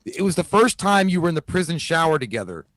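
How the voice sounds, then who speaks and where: A man's voice: a little high, very animated, fast, fairly bright tone, dry recording. A man co-hosting a casual live stream, joking crudely and laughing often. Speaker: podcast co-host.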